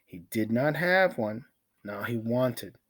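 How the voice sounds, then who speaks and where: A man teaching a language lesson through a simple story, repeating phrases, counting out pauses and breaking into dramatic exclamations. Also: mid-range voice, lively intonation, a bit bright. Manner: slow, repetitive drilling with counted pauses; dramatic exclamations between asides. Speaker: Spanish teacher.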